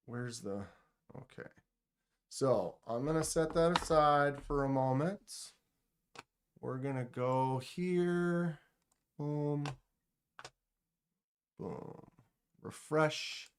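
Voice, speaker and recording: This man runs a giveaway on his live stream, casually reading viewer comments aloud and muttering to himself while clicking through his screen. His voice is fairly high, very slow, and broken by long pauses. A faint hiss or hum sits underneath.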